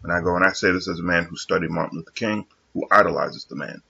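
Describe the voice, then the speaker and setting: A man with a very low, gravelly voice speaks to his viewers in an earnest, reflective monologue. His tone is heavily husky and breathy, and he pauses often. The recording is dull and lo-fi. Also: pushed and bright. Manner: measured and earnest, with frequent pauses and fillers. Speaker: vlogger addressing his viewers.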